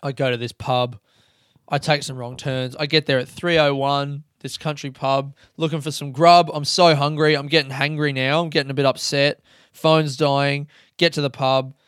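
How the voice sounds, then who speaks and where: A man's voice: medium pitch, flat delivery, normal speed, fairly bright tone, smooth, no echo, clean studio sound. A young Australian man telling a rambling, self-mocking comic story with casual swearing.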